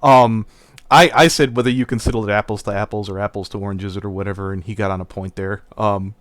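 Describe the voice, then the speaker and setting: A man's voice: on the low side, fast, no echo. A man hosting a casual debate stream who laughs often and teases his guests. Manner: laughs often, teasing and excitable. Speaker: stream host.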